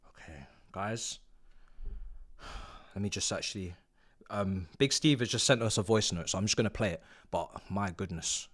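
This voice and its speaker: A young man streaming a football watch-along, excitedly yelling and exclaiming at every moment of the match. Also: lowish voice, moderate pace, long pauses. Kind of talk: live reaction commentary.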